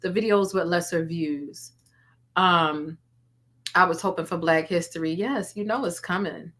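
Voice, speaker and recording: Bright-voiced chatty woman streamer. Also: lowish voice, measured pace. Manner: chatty, thanks viewers for donations and memberships by name; laughs often, playful teasing. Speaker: YouTube livestream host. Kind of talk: casual live-stream commentary.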